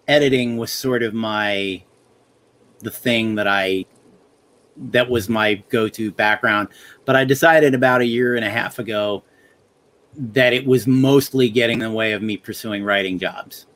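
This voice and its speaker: A man's voice: medium pitch, unhurried, fairly bright tone. A middle-aged man hosting a podcast, telling wry stories in casual chat and acting out the lines of people he quotes. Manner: wry storyteller who acts out quoted lines. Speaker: podcast host.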